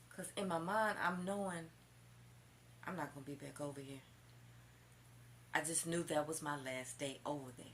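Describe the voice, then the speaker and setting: Sassy gravelly woman vlogger telling a story. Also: deep voice, fairly quick, a little hiss or hum. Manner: candid, animated and sassy, addresses viewers as y'all, swears. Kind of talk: storytime vlog.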